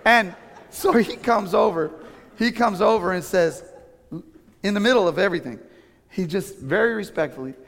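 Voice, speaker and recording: A man preaching a sermon, telling personal stories with animated, self-deprecating humor. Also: high-pitched, normal speed, pauses often. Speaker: pastor. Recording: long reverb of a large hall.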